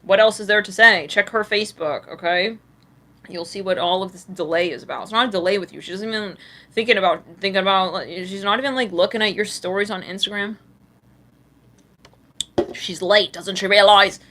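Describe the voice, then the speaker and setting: Woman tarot reader with a bright, crisp voice and a sassy, blunt streak; slangy, laughs a lot. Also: mid-range voice, quick pace. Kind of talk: live tarot reading for viewers.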